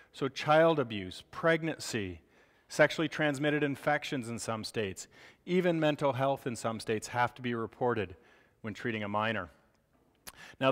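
Joking man lecturing in a reverberant hall. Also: on the high side. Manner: joking, animated, asks rhetorical questions. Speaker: medical lecturer. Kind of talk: board review lecture.

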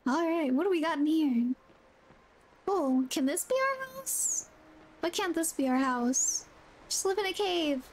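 A woman's voice: very high-pitched, lively intonation, measured pace, slight background noise. A woman livestreaming a game, chatting casually and thinking aloud, a little drowsy and yawny. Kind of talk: casual gameplay chat.

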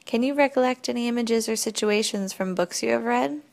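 A woman reading an audiobook, voicing a calm, wise young woman who explains things patiently. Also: fairly high pitch, fairly quick, gravelly.

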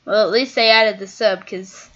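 A woman's voice: medium pitch, fairly even intonation, normal speed, fairly bright tone. A woman giving casual gameplay commentary, chatting and thinking aloud as she plays, often trailing off mid-thought. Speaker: gaming video creator. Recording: dull lo-fi mic.

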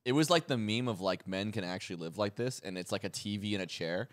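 Low voiced guy talking fast, cracking jokes and swearing. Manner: animated, swears, jokey. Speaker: podcast guest. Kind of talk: casual group chat.

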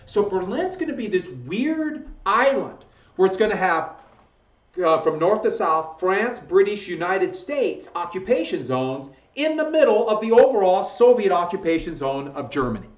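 A man with a high, sing-song voice teaches history from slides at normal speed. Casual in tone, he corrects his own mistakes and laughs softly at them. The lecture recording has an echoey room and a dull lo-fi quality.

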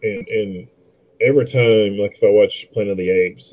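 A man's voice: on the low side, fairly even intonation, moderate pace. Chatty middle-aged man on a tinny line. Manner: chatty, trailing restarts and fillers. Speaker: podcast co-host. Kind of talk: casual movie commentary chat.

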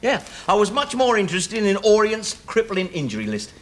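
A man's voice: high voice, sing-song. An actor in his forties playing a wry, cheeky ex-convict father in a 1970s British sitcom, teasing and sardonic. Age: 40s. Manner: sardonic, teasing, quick with jokes. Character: wry middle-aged male ex-con, cheeky joker. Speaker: ex-convict father going straight.

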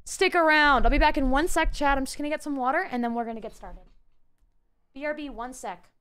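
High-voiced chatty woman streamer. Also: fast talker. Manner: chatty, talks to chat, excitable exclamations. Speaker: live streamer. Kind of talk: casual live-stream chat.

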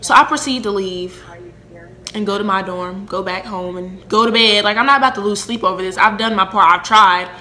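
A woman in her twenties telling a personal story on her vlog, animated and acting out the dialogue. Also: mid-range voice, a little fast, slight background noise. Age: 20s. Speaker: vlogger.

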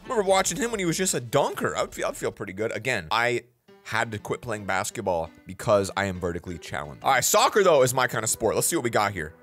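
Hosting a reaction video, a young man talks quickly at medium pitch, speaking straight to his viewers with slang. He's animated and jokey, and soft music plays in the background.

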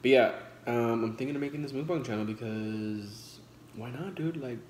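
A man's voice: mid-range voice, normal speed, darkish tone. A man in his twenties chatting casually in slang while eating on camera, swearing freely. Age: 20s. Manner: laid-back slangy talk with frequent swearing; talks between bites while eating. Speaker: vlogger. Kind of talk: casual mukbang chat. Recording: echoey room with noise.

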